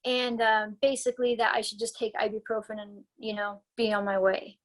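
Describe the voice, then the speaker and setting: A woman's voice: mid-range voice, little pitch movement, normal speed, low-quality recording. A woman herbalist talking as a guest in a casual interview while she recovers from a concussion. She rambles in a chatty way, with many restarts, and laughs often.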